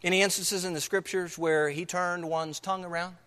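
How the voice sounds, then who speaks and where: A man's voice: high voice, steady tone, a little fast, a bit bright, smooth, big-room sound. A man preaching a sermon, emphatic, repeating key phrases and asking rhetorical questions.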